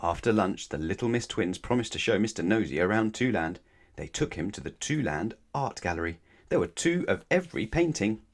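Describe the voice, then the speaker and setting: Low-voiced man reading a bedtime story. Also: very animated, fairly quick. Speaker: storybook reader. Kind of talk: children's bedtime story read-aloud.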